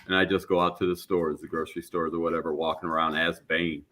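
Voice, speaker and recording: A man's voice: low-pitched, little pitch movement, fast, sharp tone. A man talking casually on a podcast panel about cosplay, rambling with fillers and restarts.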